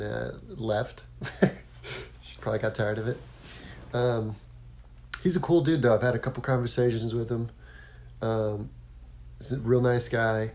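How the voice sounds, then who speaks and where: A man's voice: medium pitch, a little mellow. A man hosting a casual solo podcast, rambling along with lots of fillers and restarts. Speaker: podcast host.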